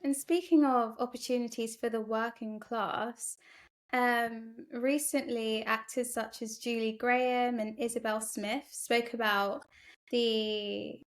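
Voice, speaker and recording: A woman interviewer with a somewhat high voice asks measured questions in a podcast interview. She reads out a quote before asking for a response. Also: steady tone.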